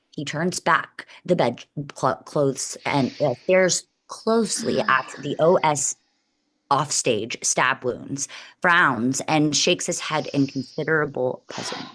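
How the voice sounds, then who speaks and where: Low-voiced woman reading stage directions. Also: fairly bright tone.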